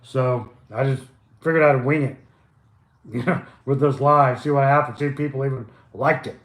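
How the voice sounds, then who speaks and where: A man's voice: medium pitch, normal speed, echoey room. An older man casually hosting a live stock chart stream from home, loose and chatty, wandering into stumbles and asides. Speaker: stock chart livestream host.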